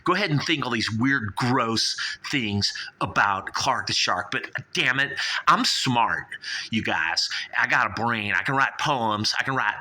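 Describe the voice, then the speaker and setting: A man's voice: medium pitch, expressive, measured pace, sharp tone. A man hosting a comedy radio show, rambling and repetitive, who keeps plugging the call-in number.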